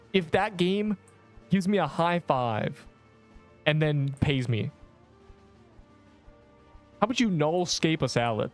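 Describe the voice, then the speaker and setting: A young man streaming a game, joking and rambling as he teases the viewers in his chat. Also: mid-range voice. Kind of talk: casual gameplay livestream chat.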